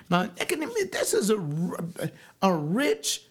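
A man's voice: high voice, huge pitch swings, normal speed. An older man teaching scripture in an informal, emphatic preaching style, scolding his listeners and mimicking the people he criticizes. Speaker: lay preacher.

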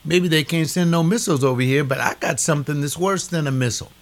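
God, stern and warning, as a preacher puts him on. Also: male voice, on the high side, fast talker, pitched above the performer's own voice, lightly acted. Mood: taunting.

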